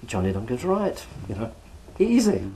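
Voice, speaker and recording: A man's voice: lowish voice, normal speed, darkish tone, slight background noise. An older man, a former footballer, casually telling a match story and often adding "you know". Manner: chatty, peppered with "you know". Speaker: retired footballer. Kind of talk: reminiscing oral history.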